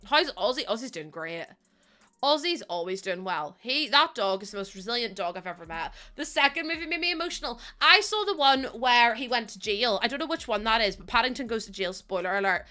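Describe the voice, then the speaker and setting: A woman's voice: on the high side, expressive, a little fast, bright, forceful tone. A young woman live-streaming, chatting casually with her chat, giggling often and greeting viewers as she talks.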